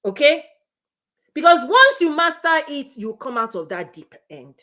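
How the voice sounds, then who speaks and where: A woman's voice: high voice, wildly swooping pitch, a little slow, bright, forceful tone. A woman business coach giving a motivational live-stream talk. She speaks in an emphatic, repetitive preaching cadence and laughs between her points.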